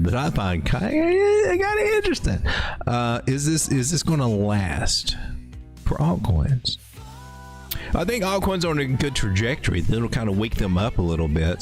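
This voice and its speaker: A man hosting a live chart-reading stream, joking and rambling as he talks through the charts and greets his chat. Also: medium pitch. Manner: jokey, rambling, easily startled. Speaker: livestream host. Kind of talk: casual livestream chart commentary.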